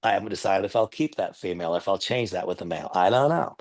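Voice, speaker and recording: A man's voice: sits low, animated, fast talker. An older man giving a live training demonstration on a headset mic, earnest and emphatic, repeating his key points.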